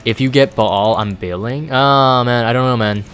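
A man's voice: mid-range voice, normal speed, fairly bright tone, soft background music. A man casually chatting on a live stream, reading chat aloud and rambling with plenty of fillers. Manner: reads chat aloud, rambling and laid-back with many fillers.

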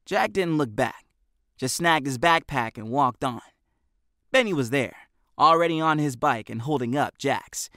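A man narrating an audiobook with expressive storytelling, recorded in a booth. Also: medium pitch, measured pace, no room sound, studio quality. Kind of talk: scripted narration.

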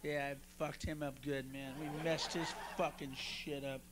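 Raucous shouting comedian, high voice. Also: male voice, level tone, measured pace, background noise. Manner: bursts into shouts, profane and raucous. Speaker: stand-up comedian. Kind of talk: stand-up comedy set. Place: club stage at a rehearsal.

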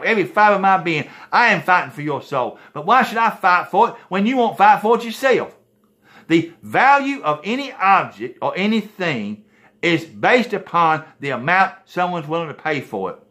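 Guy preaching hard at the camera, keeps going folks listen, bit high pitched. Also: big pitch swings, moderate pace, bright, forceful tone. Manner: impassioned, emphatic, repeatedly saying "folks, listen". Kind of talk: preaching to a video audience.

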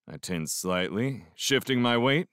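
A man narrating a novel in the first person as a fan audiobook reader, with an expressive delivery and reflective pauses. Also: medium pitch, smooth, no room sound, clean studio sound.

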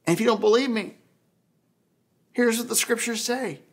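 High-voiced man preaching animatedly. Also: moderate pace, breathy edge. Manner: animated, conversational, rhetorical questions. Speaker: pastor. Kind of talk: sermon. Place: church.

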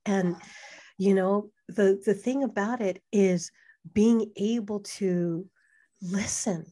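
Middle-aged woman from Hawaii, podcast guest, animated storyteller who slips into the voices of the people she quotes, medium pitch. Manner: animated, acts out quoted voices, frequent fillers. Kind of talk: personal storytelling in conversation.

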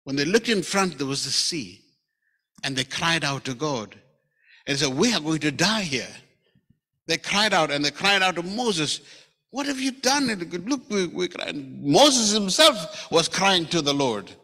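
A South African man preaches from the front of a church, his bright voice sitting a little high and ringing through a hall with a long tail. He talks conversationally and acts out the lines he quotes. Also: expressive, a little slow. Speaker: pastor. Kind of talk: sermon. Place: church sanctuary.

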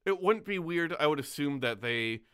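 A man's voice: fairly high pitch, animated, moderate pace, fairly bright tone, clear, resonant tone. A man hosting a podcast, chatting casually with lots of laughs and fillers. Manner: rambling, laughing often, filler-heavy. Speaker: podcast host.

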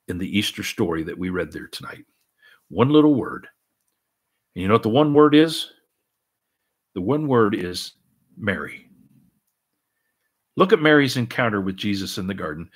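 A man's voice: lowish voice, fairly bright tone, slightly rough. A middle-aged man preaching a sermon earnestly, full of repeats and restarts. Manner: repetitive, earnest, many restarts and "and, and". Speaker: pastor.

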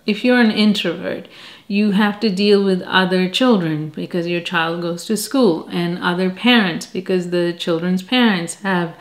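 A middle-aged woman chatting casually about books she has read, self-deprecating, with animated asides. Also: on the low side, a little slow. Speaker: book reviewer. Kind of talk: casual chat.

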